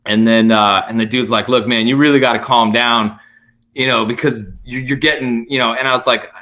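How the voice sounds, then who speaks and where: An American comedian, guesting on a podcast, tells a story in casual conversation with a medium-pitched voice at a fairly quick pace. He's animated and profane, playing out both sides of an exchange.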